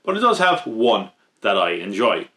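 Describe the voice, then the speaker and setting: A man's voice: on the low side, big pitch swings, normal speed, fairly bright tone. Wry man hosting a horror countdown. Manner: wry, jokey asides. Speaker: podcast host. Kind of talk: scripted countdown commentary.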